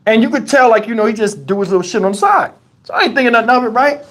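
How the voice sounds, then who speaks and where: A man's voice: extremely high pitch, racing, fairly bright tone. A man hosting a livestream, telling a story in a casual, profane and colloquial way on a lapel mic. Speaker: channel host. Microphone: wireless lapel mic.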